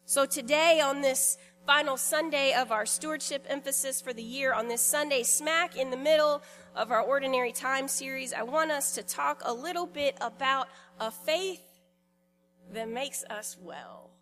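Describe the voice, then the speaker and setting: A woman pastor giving a sermon in a church in a conversational, lightly humorous way, pausing deliberately between phrases. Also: high-pitched, animated, fairly bright tone, slight background noise.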